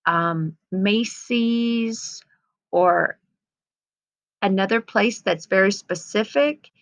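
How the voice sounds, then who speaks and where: Woman, teacher, gentle, slight vocal fry, dry close sound. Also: mid-range voice, no room sound. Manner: gentle, patient, reads aloud slowly. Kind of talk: modeling writing edits for young students.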